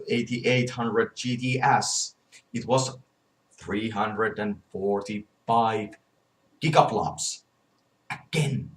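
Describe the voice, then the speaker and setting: Halting man ranting, voice set back from the mic. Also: mid-range voice, distant mic, rough recording. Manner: halting, stammers and restarts often, grows heated. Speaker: gaming vlogger. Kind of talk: opinionated rant.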